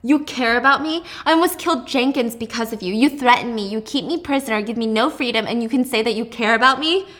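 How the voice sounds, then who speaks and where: A woman acting out a teenage girl held prisoner who lashes back in defiance. She is frightened and exasperated, and her voice runs fairly high. It sounds like a casual retelling of a story. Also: fast talker, few pauses, a bit bright, close to an everyday voice. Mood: angry defiant.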